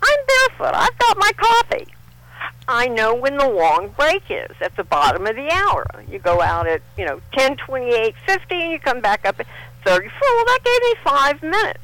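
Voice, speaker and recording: An older woman from Texas, chatting as an interview guest and telling stories with lots of expression. Her voice is bright and swings widely in pitch, and she slips into the voices of the people she quotes. The sound is close and dry. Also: moderate pace, dry recording, poor audio. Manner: animated storyteller, acts out quotes. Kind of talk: casual interview storytelling.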